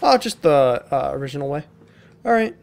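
A young man narrating his gameplay in a loose, profane, sarcastic way, mocking the notes as he reads them aloud. His voice sits a bit high for a man. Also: big pitch swings, moderate pace, vocal fry. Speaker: let's play gamer. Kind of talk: let's play commentary.

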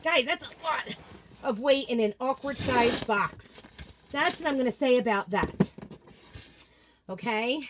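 A woman hosting a casual livestream, chatty and excitable, out of breath as she greets viewers by name. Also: high-pitched, a little slow, long pauses, noisy background. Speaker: craft vlogger hosting a livestream.

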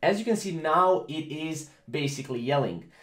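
Higher-pitched man rambling through a tutorial in a roomy space. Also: lively intonation, moderate pace, fairly bright tone. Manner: rambling, with many fillers and repeated phrases. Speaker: tech tutorial host. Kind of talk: casual screen-recorded tutorial.

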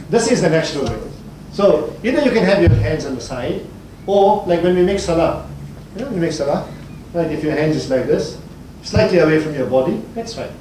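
A man from South Africa giving a public speaking workshop, listing points and quizzing the class. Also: on the high side. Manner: explains in lists, often asks the class questions. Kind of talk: workshop lecture. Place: lecture hall with audience. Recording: roomy hall, faint hiss.

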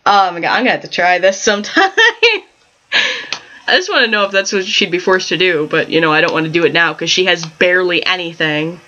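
Playing a life-sim game, this woman, a gaming channel host, keeps up loose let's-play commentary full of giggles and chatty tangents. She speaks a bit fast in a lowish, sharp-toned voice, with slight noise in the background. It's captured on a dull lo-fi home microphone.

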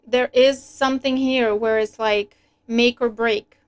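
Woman, tarot reader, casual and animated, fairly high voice, laughs often. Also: measured pace, clear, resonant tone.

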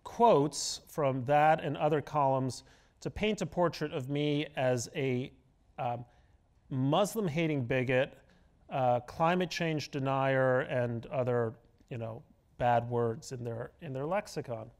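A man's voice: medium pitch, slow pace, a little mellow. A middle-aged man, a guest columnist in an onstage interview, talking in an emphatic, argumentative way and telling stories with relish. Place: auditorium stage before an audience.

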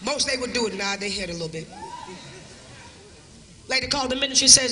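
A woman preacher delivering a fervent live revival sermon in a church, often shouting in a colloquial preaching rhythm. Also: fairly high pitch, moderate pace, long pauses, far from the mic, slight background noise. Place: church service.

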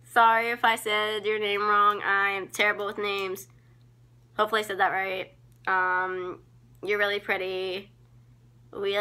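Giggly teen girl vlogger, slow and bright. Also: mid-range voice. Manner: giggly, gushing, full of ums and likes. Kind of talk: casual shout-out vlog. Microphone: phone camera.

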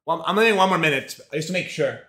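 Bright-voiced young man streaming from a roomy kitchen. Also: on the high side, fast talker. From Mexico. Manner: rambling, profane, full of fillers. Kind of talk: casual live-stream chat while cooking. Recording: roomy home echo.

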